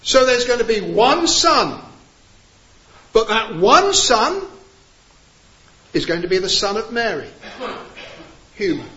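High, bright-voiced male preacher. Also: lo-fi sound. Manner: expressive, rising to emphatic peaks then dropping low and slow. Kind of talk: sermon.

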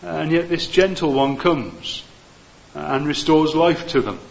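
Earnest preacher, lo-fi recording. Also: male voice, on the high side, slow, creaky. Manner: frequent "uh" fillers, gentle and earnest. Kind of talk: sermon.

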